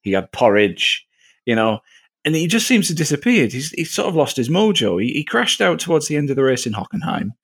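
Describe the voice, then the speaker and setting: A man hosting a casual panel discussion, moving the talk along with quick jokes. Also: a little high, husky. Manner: jokey, lively, moves the talk along. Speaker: podcast host.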